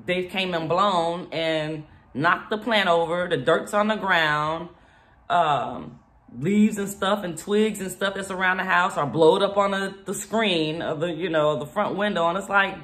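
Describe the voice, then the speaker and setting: A woman casually telling a rambling story about her yard, acting out what people said. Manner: animated, rambling, acts out quotes with raised pitch.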